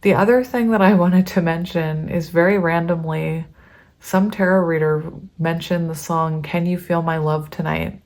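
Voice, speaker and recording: A woman's voice: lowish voice, steady tone, normal speed, a little mellow. Chatty, emotional tarot-reading woman. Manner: chatty and emotional, reading aloud with many ums. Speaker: tarot reader.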